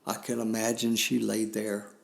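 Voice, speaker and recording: An older man hosting a podcast, telling a solemn personal story in a slow, grave way with long pauses. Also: lowish voice, monotone, vocal fry. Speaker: podcast host.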